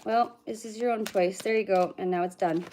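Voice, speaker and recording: A woman hosting live psychic readings, talking with her chat at an everyday middle pitch. She greets viewers one by one and fills the pauses by humming and murmuring to herself. The tone stays relaxed and conversational. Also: a little hiss or hum. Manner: chatty, greets viewers by name, hums and mutters to herself between readings. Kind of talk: casual livestream chat with viewers.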